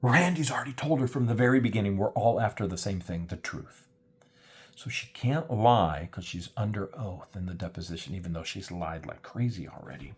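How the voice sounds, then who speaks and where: A man's voice: lowish voice, a little fast. Man vlogger recapping, sarcastic, voice jumps all over. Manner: mocking, animated. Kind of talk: commentary recap.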